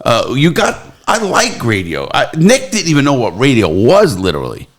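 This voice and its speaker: A man's voice: medium pitch, normal speed. A middle-aged man hosting a casual podcast chat, telling rambling stories and acting out what others said. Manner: rambling storyteller, animated impressions. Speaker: podcast host.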